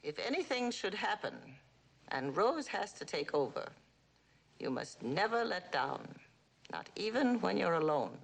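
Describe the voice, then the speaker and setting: A woman's voice: mid-range voice, very animated, unhurried, vocal fry, husky, heavily acted. An actress playing a domineering, dying wealthy old mother in a 1960s TV drama, with a cutting, theatrical manner. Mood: insistent. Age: older.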